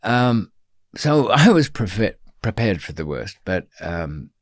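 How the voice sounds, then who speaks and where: An older man with a lowish voice recounts his stories at an unhurried pace. He is dry and wry, often pausing and restarting his sentences. The studio sound is close and dry. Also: sing-song, no echo. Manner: dry, wry storyteller with frequent ums and restarts. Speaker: interview guest. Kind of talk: storytelling in a long-form interview.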